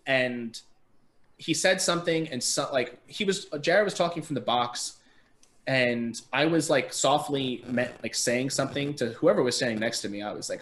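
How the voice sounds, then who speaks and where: A young adult man, a podcast guest, telling stories in casual chat over a remote call, animated and swearing freely. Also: mid-range voice, moderate pace, slight background noise. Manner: animated, swears freely, acts out quoted people. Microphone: remote call mic.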